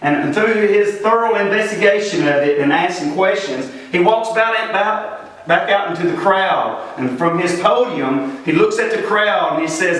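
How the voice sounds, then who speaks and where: A man's voice: sits high, expressive, normal speed, fairly bright tone. A man retelling a Bible account for a church children's program, in a simple, earnest way. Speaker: church children's ministry presenter. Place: church room. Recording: echoey room, voice from far off.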